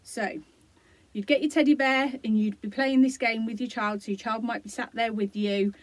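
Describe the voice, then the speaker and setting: Woman, soft encouraging tips for parents, lotsa ums, a bit high, dry close sound. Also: fairly even intonation, normal speed, no room sound. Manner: gentle, encouraging, many "um" fillers. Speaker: early years support practitioner. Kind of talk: instructional video for parents.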